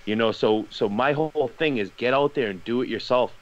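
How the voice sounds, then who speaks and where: A man's voice: medium pitch, a little fast, muffled recording. A man casually telling a rambling story on a podcast call, repeating "I was like" as he goes. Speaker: guest.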